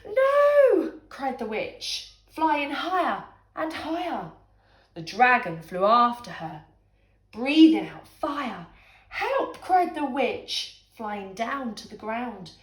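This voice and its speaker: Slow animated woman reading a bedtime story. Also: a little high. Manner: animated, dramatic storytelling with whispers. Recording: echoey room, faint music.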